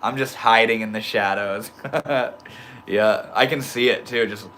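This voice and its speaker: A young man hosts a relaxed livestream at his desk, reading viewers' comments aloud and answering in easygoing slang. His voice is bright and a little sharp, sinking to soft murmurs and then jumping to loud, excited exclamations. A faint background hum sits under the room. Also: on the low side, a little slow. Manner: swears casually, laid-back stoner slang. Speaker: livestream host reading chat. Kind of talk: casual livestream chat.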